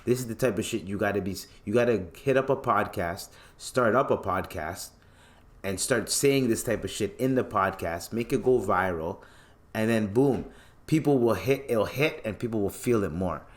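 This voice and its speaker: A man's voice: fairly low pitch, normal speed. Blunt, profane man ranting on a podcast. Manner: blunt, profane, mocking, animated rant. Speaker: podcast host. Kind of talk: ranting casual commentary.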